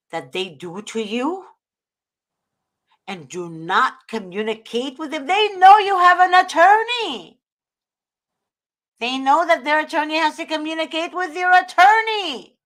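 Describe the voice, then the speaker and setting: A woman's voice: on the high side, fairly bright tone. A woman hosting a talk show, giving earnest, preachy advice and often invoking God. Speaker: host.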